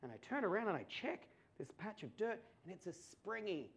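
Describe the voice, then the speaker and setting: High-voiced Australian man telling a stand-up story. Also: very animated, brisk, vocal fry. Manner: profane, stammering restarts, builds to loud punchlines. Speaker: stand-up comedian. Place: comedy club stage before a laughing audience.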